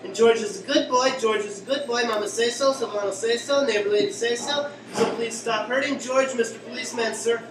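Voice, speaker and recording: A man's voice: very high voice, brisk, few pauses, noisy background, pitched above the performer's own voice. A man voicing a simple, childlike grown man who repeats himself in an earnest singsong and pleads with the police, performed as spoken word poetry. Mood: pleading. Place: small cafe at a poetry night. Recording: echoey live room from far off, crowd.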